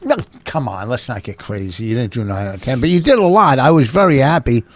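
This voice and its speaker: A man's voice: medium pitch, lively intonation, quick pace. A middle-aged man co-hosting a podcast, joking and defending himself in casual bickering chat. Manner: defensive, jokey. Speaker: podcast co-host.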